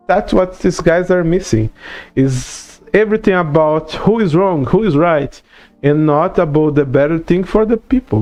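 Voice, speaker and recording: A Brazilian man speaking English as a second language, with a Portuguese accent, chatting casually on a livestream and ranting with plenty of swearing and "bro" fillers. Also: fairly high pitch. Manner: profane, animated rant with many "bro" and "you know" fillers. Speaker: streamer.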